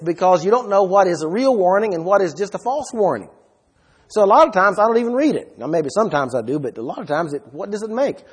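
A man preaches a sermon in a husky, somewhat high voice. He stresses key words hard and keeps asking his listeners questions. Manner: emphatic, asks the listeners questions.

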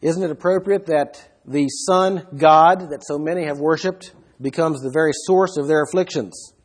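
A man with a slightly husky, somewhat higher voice gives a Bible study lecture. He explains the verses step by step and keeps putting rhetorical questions to his listeners. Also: moderate pace. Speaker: Bible teacher.

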